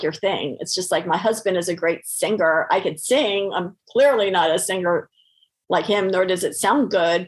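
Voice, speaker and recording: A middle-aged woman with a somewhat low voice talks earnestly as a podcast guest. She restarts her sentences often and fills the gaps with "um" and "you know.". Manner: earnest, many fillers and restarts. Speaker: podcast guest, holistic doctor. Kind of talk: conversational interview.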